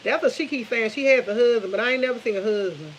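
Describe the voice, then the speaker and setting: A woman's voice: fairly high pitch, fast talker, a little hiss or hum, poor audio. A woman in her fifties chatting casually to viewers from her kitchen while cooking, telling stories with lots of animation. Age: 50s. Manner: chatty, animated storytelling with laughs, addresses viewers as y'all. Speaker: vlogger. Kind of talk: casual chat.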